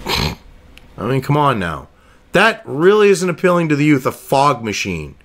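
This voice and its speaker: A man's voice: fairly high pitch, wildly swooping pitch, moderate pace, fairly bright tone. A man giving profane political commentary, ranting sarcastically and reading news excerpts aloud between crude asides.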